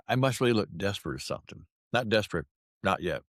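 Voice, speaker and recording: A man's voice: lowish voice, expressive, fast talker, dry recording, clean studio sound. A man in his sixties telling stories to camera with wry, folksy, self-mocking humor. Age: 60s. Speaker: vlogger. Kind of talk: casual storytelling to camera.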